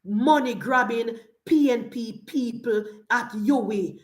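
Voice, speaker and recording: A woman's voice: a little high, slow, roomy sound. A Jamaican woman giving opinionated political commentary, indignant, firing off rhetorical questions and slipping into Patois.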